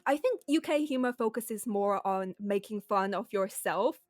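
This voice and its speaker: Measured young woman chatting. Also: mid-range voice, lively intonation, dry recording. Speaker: podcast co-host. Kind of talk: casual chat.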